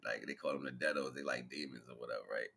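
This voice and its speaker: A man with a deep, low voice hosts his own livestream. He talks in a loose, rambling way, full of slang, and chuckles as he goes. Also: steady tone, fast, creaky, bright, forceful tone. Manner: rambling, slangy, laughs while retelling. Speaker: livestream host. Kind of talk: casual spiritual monologue.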